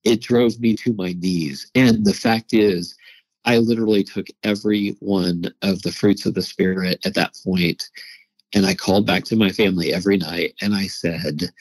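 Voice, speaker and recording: A middle-aged man, a psychologist and veteran, telling a personal story as an interview guest, animated and often repeating his words. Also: sits low, moderate pace, poor audio. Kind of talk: conversational storytelling.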